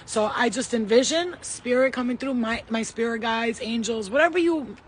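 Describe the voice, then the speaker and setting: A woman giving a casual spiritual reading, rambling and emphatic, blunt and sometimes swearing, moving between loud urging and soft asides. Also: fairly high pitch, normal speed, slight background noise. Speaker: spiritual reader. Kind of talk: casual channelled tarot-style reading.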